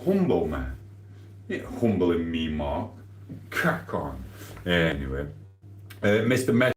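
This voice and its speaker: A man with a broad Sheffield accent chats on a live stream, rambling and joking as he reads out viewer comments. His voice sits fairly low. The room gives it a noticeable echo. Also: lively intonation, moderate pace. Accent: Sheffield, Yorkshire. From England. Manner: rambling, jokey banter with frequent laughs. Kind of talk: casual live stream chat reading comments.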